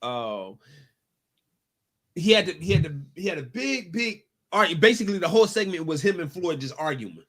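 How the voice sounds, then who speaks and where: A man's voice: on the high side, sing-song, a bit bright. A man co-hosting a casual sports talk show, often stopping and restarting his sentences as he makes a point. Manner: halting, frequent restarts. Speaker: podcast co-host.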